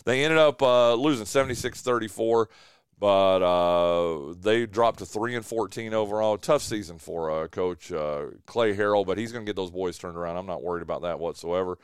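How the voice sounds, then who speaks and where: Man, sports radio host, casual studio chat, filler-heavy, smooth resonant voice, dry sound. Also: deep voice, normal speed, no echo. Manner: chatty, filler-heavy, says "dude" a lot. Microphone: studio mic.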